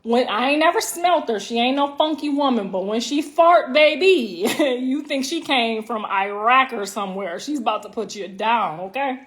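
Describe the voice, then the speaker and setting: Loud, laughing woman chatting on a livestream. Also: fairly high pitch, lively intonation, normal speed, few pauses. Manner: loud, laughing, slangy storytelling. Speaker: livestream host. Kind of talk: casual live-stream chat.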